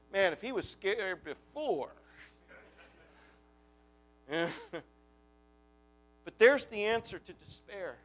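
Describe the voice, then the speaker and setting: Casting note: man with a very high voice, chatty sermon, asks the congregation lots of questions. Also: sing-song, takes it slowly, pauses often, fairly bright tone. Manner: conversational, full of rhetorical questions. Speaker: preacher. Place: church.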